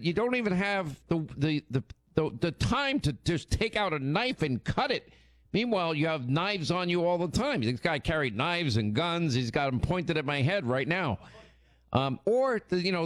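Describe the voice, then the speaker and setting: A man hosting a radio show, telling stories in casual, animated, teasing on-air chat. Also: fairly high pitch, no echo, clean studio sound.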